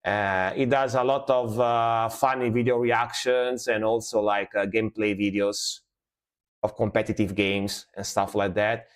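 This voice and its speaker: A man's voice: lowish voice, little pitch movement, unhurried, clear, resonant tone. A man streaming music reactions in easygoing casual chat, repeating himself and leaning on "you know". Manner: laid-back, loose, repeats words and adds "you know".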